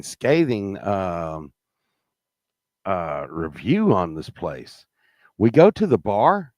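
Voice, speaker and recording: Slow, rambling man telling a story. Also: on the low side, no room sound, clean studio sound. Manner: rambling, halting, full of fillers and restarts. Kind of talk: casual anecdote.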